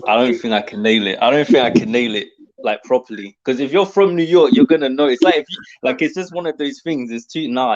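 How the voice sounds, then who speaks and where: A man with a British accent chatting casually as a guest, easygoing and quick to laugh. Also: mid-range voice, dull audio. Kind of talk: casual chat.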